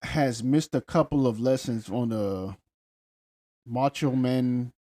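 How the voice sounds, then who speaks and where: A man's voice: medium pitch, slow pace, dark tone. A man with a mid-range voice co-hosts a casual podcast. He talks in a laid-back way but argues his points. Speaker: podcast co-host. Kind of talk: casual chat recapping reality TV.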